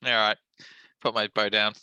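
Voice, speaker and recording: Bright blunt-talking man at the table. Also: on the low side, little pitch movement, clean tone, no echo. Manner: blunt, quick retorts. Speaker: player. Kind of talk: casual tabletop play.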